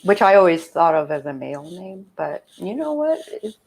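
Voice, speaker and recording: A woman's voice: on the low side, big pitch swings, moderate pace, vocal fry, rough recording. A woman in a casual chat, talking in a matter-of-fact, explaining way.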